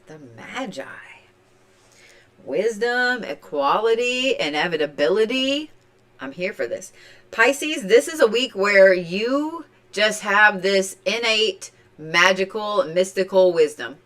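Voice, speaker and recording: A woman from Oklahoma with a slight Oklahoma accent, giving a chatty, playful zodiac reading on a live stream, swinging between loud and soft. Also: mid-range voice, lively intonation, slow pace. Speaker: tarot and zodiac reader. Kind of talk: casual livestream reading.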